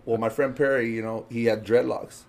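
A man's voice: medium pitch, flat delivery, moderate pace, creaky. A man telling a story as a podcast guest in casual chat, laughing and swearing as he acts out the people in it. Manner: laughing, profane, acts out quotes.

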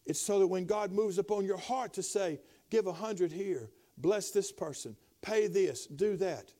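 A middle-aged man preaching a sermon as a pastor, dropping to quiet tones and then rising to loud exhortation. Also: extremely high pitch.

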